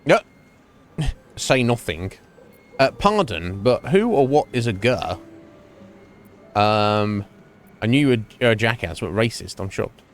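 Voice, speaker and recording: Low-voiced man chatting over gameplay. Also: animated, slow, pauses often, faint music behind. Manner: chatty, laughs often, hesitant fillers. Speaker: streamer. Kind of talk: casual gameplay commentary.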